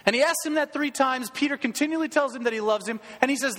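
A man's voice: very high-pitched, fast talker, hardly any pauses, a bit bright, big-room sound. A man preaching a sermon as pastor in a church, urging his listeners earnestly and repeating his calls to action.

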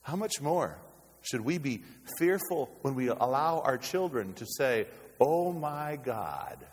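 Pastor preaching in a reverberant hall. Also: male voice, animated, measured pace, husky. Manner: dynamic preaching, swinging from loud exclamations to hushed low tones. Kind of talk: sermon. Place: church sanctuary.

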